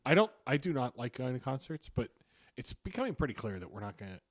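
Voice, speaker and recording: A man's voice: mid-range voice, very animated, fast talker, dry recording, clean studio sound. A married man co-hosting a podcast, talking easygoingly with stammered restarts. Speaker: podcast co-host. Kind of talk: casual chat.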